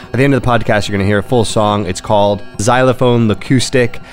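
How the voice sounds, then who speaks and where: Podcast host man over soft music. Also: lowish voice, steady tone, fast. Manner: hesitant, repeats words, many fillers. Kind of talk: casual podcast intro. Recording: faint music underneath.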